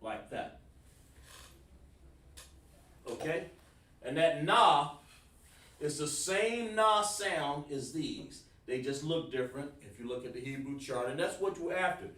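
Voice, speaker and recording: A man's voice: a little high, lively intonation, moderate pace, a bit bright, echoey room, far from the mic. Man teaching an online class. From South Carolina, USA. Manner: informal, repeats words, talks to students by name.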